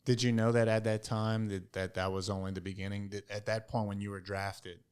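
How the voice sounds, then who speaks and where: A man's voice: lowish voice, flat delivery, fairly quick, a little mellow, clear, resonant tone. A man hosting a podcast, mostly giving short affirmations and asking brief follow-up questions. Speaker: podcast host. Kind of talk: casual interview.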